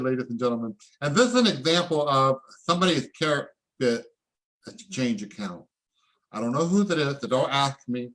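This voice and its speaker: Excitable man hyping a live online event. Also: fairly high pitch, fairly quick. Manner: excitable, preachy, calls for audience responses. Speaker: presenter. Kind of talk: online sales presentation.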